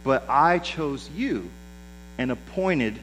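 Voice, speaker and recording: A man's voice: mid-range voice, lively intonation, takes it slowly, fairly bright tone, slight background noise, low-quality recording. A man preaching a sermon in a conversational way, acting out the lines of the people he quotes. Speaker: pastor.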